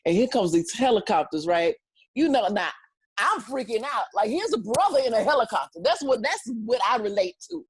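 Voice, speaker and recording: Lively expressive woman storyteller. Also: a little fast, breathy edge. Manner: acts out quotes in loud high voices; expressive, laughs often. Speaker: podcast guest. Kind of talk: animated storytelling.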